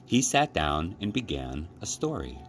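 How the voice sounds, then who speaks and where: A man, a children's librarian, reading a storybook aloud in an expressive way. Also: low-pitched, unhurried, loud music behind the voice.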